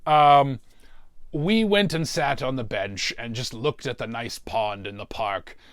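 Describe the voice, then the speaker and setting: In a lightly acted turn, a man with a mid-range voice takes on the role of a demonic torturer who hosts a mystery show. Wry, gravelly and slow, he savors every mention of suffering while telling a comedic story. The sound is dry and clean, as from a studio.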